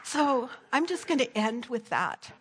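A woman's voice: sits high, very animated, measured pace, a bit bright, slightly rough, some chatter behind. A woman preacher giving an earnest sermon that tells a story and moves into prayer, often checking in with "right?". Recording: long hall reverb.

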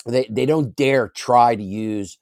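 A man speaks on a casual online panel in a mellow, warm voice. The recording is dry and close. He speaks haltingly, often repeating words and trailing off. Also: mid-range voice, no room sound. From United States. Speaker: panel guest.

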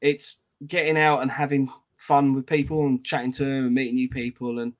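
A man's voice: medium pitch, little pitch movement, a little fast. Laid-back British man reading chat. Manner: laughs often, reads chat comments aloud. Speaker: podcast co-host reading live chat. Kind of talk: casual chat.

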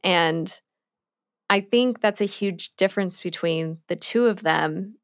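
A woman's voice: lowish voice, takes it slowly, no room sound, studio quality. A woman chatting casually about a cartoon episode as a podcast co-host, with lots of fillers and laughs. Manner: chatty, many likes, frequent laughs.

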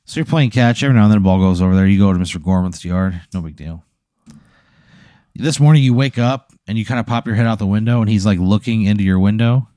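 Mellow low-voiced man telling a story. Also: fast, dry recording, studio quality. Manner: laid-back, rambling, many fillers. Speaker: podcast host. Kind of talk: improvised storytelling.

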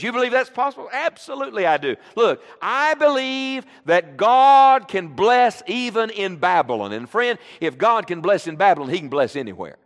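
A middle-aged man preaching a sermon to a congregation, leading call-and-response with an animated delivery. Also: high voice. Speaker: guest preacher. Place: church sanctuary. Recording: long reverb of a church hall.

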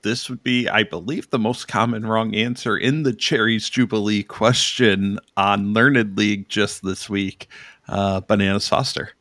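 A man's voice: fairly low pitch, steady tone, a little slow, fairly bright tone, no room sound, clean studio sound. A man who is a regular trivia host, making matter-of-fact remarks about the questions.

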